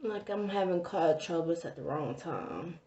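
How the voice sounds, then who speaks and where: A woman's voice: fairly low pitch, animated, a little slow, mellow, husky, no room sound, recorded from a distance, dull audio. A young woman vlogging casually to the camera, rambling with lots of fillers and sounding stressed and tired. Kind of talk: casual vlog talk to camera.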